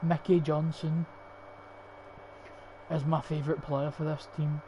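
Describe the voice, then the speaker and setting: A man's voice: a little high, flat delivery, measured pace, mellow. A young Scottish man giving casual, rambling, foul-mouthed commentary over a football game stream. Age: young adult. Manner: swears often, rambling and opinionated. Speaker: gaming streamer. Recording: dull lo-fi stream mic with faint hiss.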